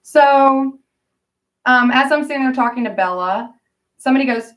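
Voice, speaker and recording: A woman's voice: sits high, normal speed, recorded from a distance. A woman vlogging in a rambling, indignant and emotional way. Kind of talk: casual rambling vlog monologue.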